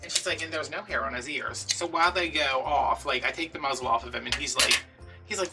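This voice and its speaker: A man, chatting and telling an animated story while he makes a craft at home. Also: a little high, quick pace, distant mic, over music. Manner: chatty, animated, acts out quotes. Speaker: craft vlogger.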